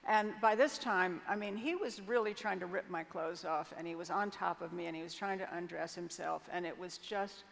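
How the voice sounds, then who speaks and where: A creaky, lowish voice at a moderate pace, with few pauses, belongs to an older woman interviewed on a big conference hall stage. Candid, frank, and vivid, she tells a personal story with some hesitant restarts; long hall reverb and faint noise are audible.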